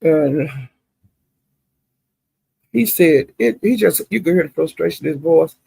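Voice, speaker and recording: A man's voice: a little high, a little slow, gravelly, mellow, breathy edge, dry recording, rough recording. A man talking casually to a livestream chat, gossiping in a drawling, chatty way and speaking to viewers directly. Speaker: commentator recapping livestream drama.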